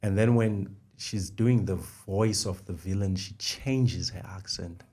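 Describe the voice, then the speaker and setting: Co-hosting a faith podcast, a middle-aged man walks through ideas methodically in a casual discussion and repeats the important phrases. His voice sits low with a dark tone, and he speaks slowly.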